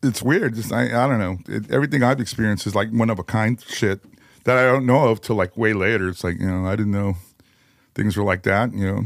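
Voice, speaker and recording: A man's voice: fairly low pitch, fairly even intonation, a little fast, creaky, no echo. Rambling man telling stories, dry mic. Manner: rambling, loose, full of "you know" and "like". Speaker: guest musician. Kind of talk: casual storytelling conversation.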